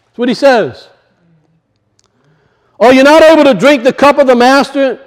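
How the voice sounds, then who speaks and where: A male pastor preaching a conversational sermon, acting out little voices and dropping low for asides. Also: moderate pace.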